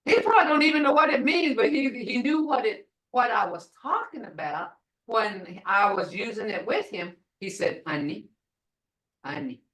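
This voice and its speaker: A woman teaching a beginner language class over a video call, slowly sounding out each syllable for her students. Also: fairly high pitch, expressive, fairly bright tone. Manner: slow, deliberate, sounding out syllables.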